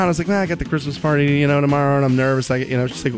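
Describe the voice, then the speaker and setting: A high-voiced man rambles through jokey stories as a radio morning host. Faint music sits quietly under his casual, loose banter. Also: expressive, racing. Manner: joking, rambling storyteller.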